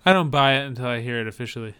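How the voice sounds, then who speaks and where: A male podcast host chatting casually in a wry, upbeat way. His voice is markedly clear and smooth, at a middle pitch. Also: rapid-fire, pushed and bright.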